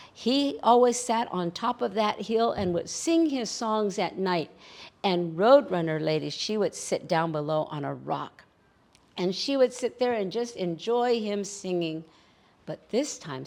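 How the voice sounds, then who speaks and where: Gravelly woman storyteller. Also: fairly low pitch, darkish tone. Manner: measured, rhythmic, repetitive build-up. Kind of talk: spoken folk storytelling.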